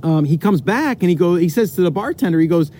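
A man's voice: sits high, expressive, fast, mellow, slight background noise. A man telling a long story to the camera, rambling with many fillers and restarts. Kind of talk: casual storytelling.

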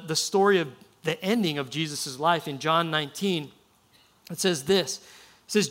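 A male pastor delivers a sermon in a relaxed, conversational way and often restarts his phrases. His voice sits a bit high and sounds bright and forward. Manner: casual, conversational preaching with frequent restarts.

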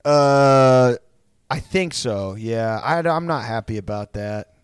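A man's voice: mid-range voice, expressive, takes it slowly, clean tone, no echo. A man hosting a podcast in casual chat, rambling storytelling with lots of swearing and restarts. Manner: rambling, profane, many restarts. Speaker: podcast host.

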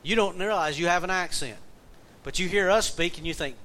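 A man's voice: sits high, fairly quick, bright, forceful tone, poor audio. Man, pastor, chatty sermon, folksy jokes, faint hiss behind. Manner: folksy, storytelling, joking asides. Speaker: pastor and jail minister. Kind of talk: conversational sermon.

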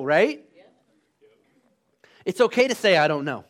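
A man delivering a sermon in a somewhat high voice. He preaches in a lively way, calling out to the congregation and drawing responses from them. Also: measured pace, pauses often. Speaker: pastor.

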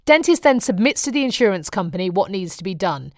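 A woman's voice: medium pitch, sing-song, quick pace, no echo, studio quality. A middle-aged British woman, a radio presenter, telling chatty personal stories in a wry, humorous way. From Britain. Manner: wry, chatty storytelling with frequent laughs. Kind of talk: chatty personal diary monologue.

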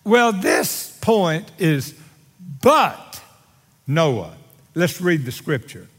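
Dramatic preacher in a reverberant hall. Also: male voice, big pitch swings. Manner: dramatic, drawn-out delivery with bold swings in pitch and volume; wry humor aimed at the congregation. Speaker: pastor. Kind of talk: sermon. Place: church sanctuary. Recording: long hall reverb from a large sanctuary.

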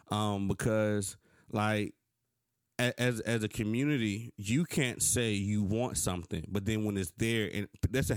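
Earnest low-voiced man telling stories. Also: moderate pace, no echo, studio quality. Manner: earnest, animated storytelling, rising pitch when frustrated. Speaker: podcast co-host. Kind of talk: casual conversation.

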